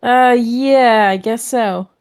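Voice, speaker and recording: A woman's voice: a little high, slow, darkish tone, clear, resonant tone. Hesitant woman player.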